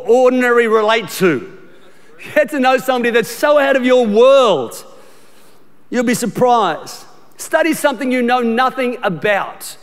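A middle-aged Australian man preaching a sermon as pastor, emphatic and repetitive, often restarting his sentences in a conversational way. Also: very high voice. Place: large church auditorium. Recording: long church hall reverb.

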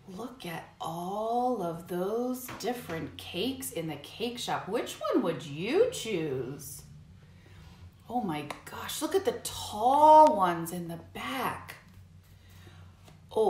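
A woman hosts storytime for young children and reads a picture book in a slow, animated, sing-song voice. Her voice sits fairly high and leaps around. The room has a clear echo and a faint hiss. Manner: animated, sing-song, talks to kids directly. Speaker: children's music teacher and host. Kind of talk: storytime read-aloud for kids.

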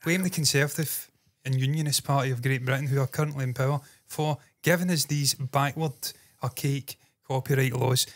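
A man's voice: mid-range voice, steady tone, a little fast, hardly any pauses. Sweary British-based man ranting casually. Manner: sweary, ranting, sarcastic asides. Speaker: co-host of a reaction channel. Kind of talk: casual reaction chat.

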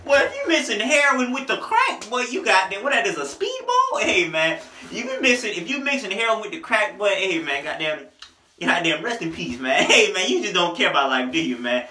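A man's voice: high-pitched, very animated, brisk, sharp tone, slight background noise. Slangy young man in an echoey room. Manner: loose, joking, slangy, sings snippets of songs. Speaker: music reviewer. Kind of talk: casual album review vlog.

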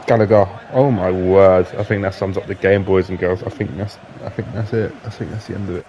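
A man giving live, sweary commentary on his own football video game, jumping between excited shouts and flat grumbling. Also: low-pitched, brisk, highs cut off, slight background noise. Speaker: gaming YouTuber.

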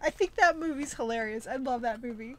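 A woman's voice: fairly high pitch, brisk, a bit bright. A woman co-hosting a casual film chat who laughs often. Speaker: podcast co-host.

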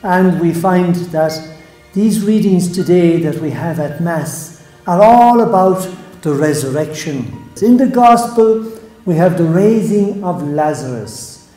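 Priest delivering a sermon; unhurried, soft trailing phrase ends, warm low timbre, roomy echo. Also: male voice.

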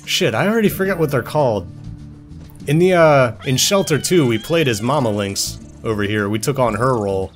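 A man's voice: medium pitch, animated, normal speed, soft background music. Joking, casually swearing young gamer man. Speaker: let's play host. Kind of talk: casual gameplay commentary.

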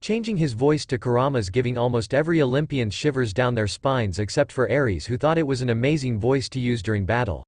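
A man's voice: medium pitch, lively intonation, fairly quick, hardly any pauses, a little mellow, dry recording. Man reading a story, dry sound. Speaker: narrator. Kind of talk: reading fan fiction aloud.

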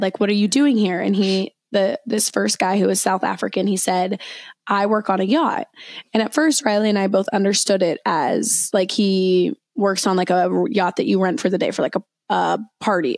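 A woman's voice: medium pitch, steady tone, moderate pace, vocal fry, darkish tone, dry recording, clean studio sound. A young woman co-hosting a podcast, telling a story in casual chat and often correcting herself mid-sentence. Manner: chatty storyteller, many self-corrections and restarts. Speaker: podcast co-host.

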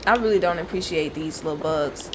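A woman's voice: low-pitched, brisk, noisy background. A woman streaming gameplay, talking casually, swearing and yelping when startled. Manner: jumpy, swears and yelps in fright. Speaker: gaming streamer.

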